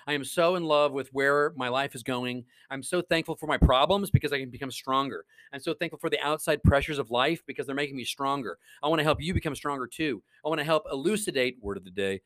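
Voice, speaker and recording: A man with a slightly raised pitch talks through a casual faith-based podcast monologue. He sounds earnest and rambling and often stumbles into restarts. The sound is dry and close, with no room echo. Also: fairly bright tone. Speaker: podcast host.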